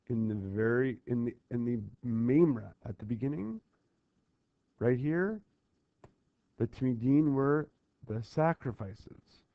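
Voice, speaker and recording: Animated male teacher on a dull recording. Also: mid-range voice, dry recording. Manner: animated, chanting call-and-response drills and pausing to check understanding. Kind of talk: explaining a worksheet on a Talmud text.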